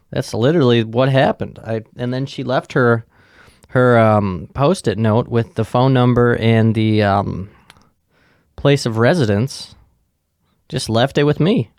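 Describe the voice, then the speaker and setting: Male host, sarcastic storyteller who swears constantly; mid-pitched with a rough, creaky edge. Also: slow pace, long pauses, a little mellow, dry recording, studio quality. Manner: rambling, heavy swearing, sarcastic. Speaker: podcast host. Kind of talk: casual storytelling.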